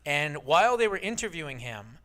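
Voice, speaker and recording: A man's voice: fairly high pitch, big pitch swings, a little fast, a bit bright. A man co-hosting a political talk radio show, telling a story in an indignant, emphatic way.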